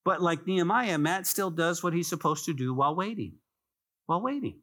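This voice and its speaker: Pastor with a slightly high voice, casual sermon. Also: male voice, lively intonation, brisk, fairly bright tone. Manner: conversational preaching, addresses listeners as "guys", repeats phrases for emphasis.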